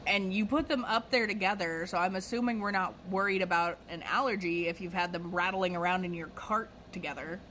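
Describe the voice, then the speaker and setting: A woman telling a casual storytime monologue about her cashier job, animated and profane. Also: on the low side, brisk, few pauses, slight background noise, rough recording.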